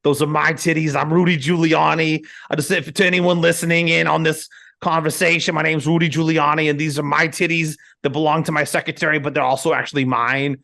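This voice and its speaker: A man's voice: on the high side, little pitch movement, fairly quick, creaky, bright, forceful tone, pitched above the performer's own voice. A man doing a boastful older politician. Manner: boastful, rambling, comically crude. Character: pompous older male politician bragging.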